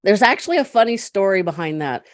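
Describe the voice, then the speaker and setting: A middle-aged woman, a podcast guest, chatting and telling stories in a lively way, laughing often. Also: mid-range voice, quick pace, no echo, clean studio sound. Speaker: podcast guest, caregiver advocate. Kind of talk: storytelling in casual conversation.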